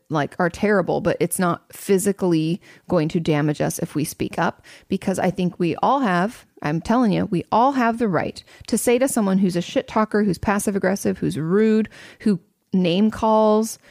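A woman therapist talks through listener questions in plain, frank terms and doesn't shy away from swearing. Her mid-range voice carries a lot of vocal fry. The sound is close and dry, with no room echo. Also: medium pitch, darkish tone. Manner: blunt and candid, swears freely. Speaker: therapist host answering audience questions. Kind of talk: casual advice talk.

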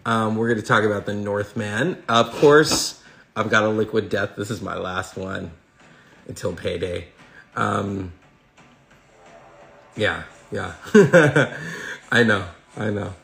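Gravelly, bright-voiced podcast host rambling. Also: male voice, on the low side, slow pace, pauses often. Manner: rambling, profane and excitable. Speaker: schoolteacher. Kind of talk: casual solo podcast monologue.

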